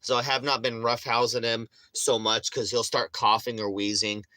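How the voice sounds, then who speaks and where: A man's voice: medium pitch, little pitch movement, normal speed, pushed and bright, no echo. A man chatting casually on a livestream in a rambling, profane way, with frequent laughs, while getting over a chest illness. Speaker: vlogger.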